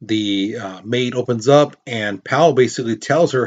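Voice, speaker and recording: At normal speed and with hardly any pauses, a medium-pitched man delivers an informal, storytelling history lecture, acting out quotes and quizzing students. The sound is dull.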